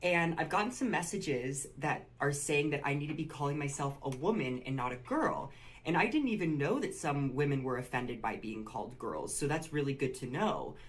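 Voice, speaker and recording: A woman's voice: deep voice, animated, normal speed. A woman talking straight to camera in an upbeat vlog style, bubbly and sing-song with chirpy sign-offs. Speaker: social media video creator.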